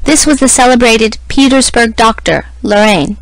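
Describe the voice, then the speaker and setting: A woman reading a classic novel aloud as scripted narration, in a measured, even manner. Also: on the high side, no echo, poor audio. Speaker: audiobook reader.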